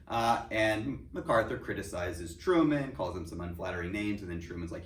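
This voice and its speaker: A man's voice: on the low side, fairly quick, few pauses. A male history teacher giving a casual, joking lecture full of fillers. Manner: chatty, joking, filler-heavy delivery. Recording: echoey room, distant mic, faint hiss.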